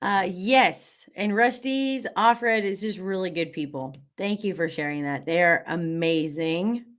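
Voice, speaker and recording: A woman's voice: lowish voice, measured pace. A woman hosting a live online class, bubbly and encouraging, reading out viewer comments with lots of fillers.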